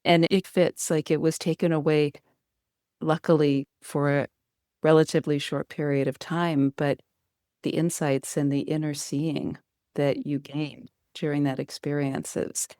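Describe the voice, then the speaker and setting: A woman's voice: low-pitched, flat delivery, unhurried, warm tone, dry recording, studio quality. A woman hosting a podcast interview, affirming her guest and asking reflective questions. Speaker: podcast host. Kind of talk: interview conversation.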